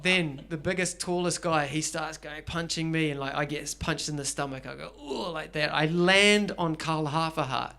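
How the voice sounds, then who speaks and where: Bright-voiced New Zealand stand-up comedian. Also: male voice, fairly high pitch, moderate pace, vocal fry, few pauses, clear, resonant tone. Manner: animated storytelling, acting out characters. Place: garage venue with live audience.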